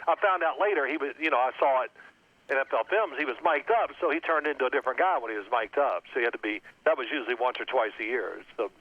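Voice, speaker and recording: A man in his sixties, a former quarterback, telling lively football anecdotes and acting out his old coach's yelling. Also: medium pitch, fast talker. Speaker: former NFL quarterback guest. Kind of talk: storytelling phone interview. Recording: tinny phone line.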